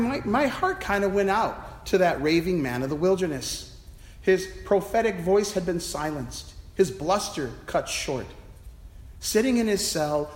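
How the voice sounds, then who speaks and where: Priest preaching in an echoey church. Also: male voice, sits high. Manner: storytelling, reflective. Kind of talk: sermon. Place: church, at the pulpit. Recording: echoey church with long reverb.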